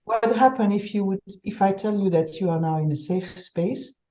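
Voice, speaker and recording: A woman from Belgium, an executive coach telling stories in a conversational interview, animated and restarting her words often. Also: mid-range voice, moderate pace, rough recording.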